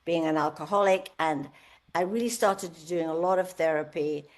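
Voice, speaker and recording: A woman's voice: deep voice, moderate pace. A woman in her seventies, a guest singer telling stories in a candid podcast interview and acting out the people she quotes. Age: 70s. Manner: lively storyteller, acts out quoted voices.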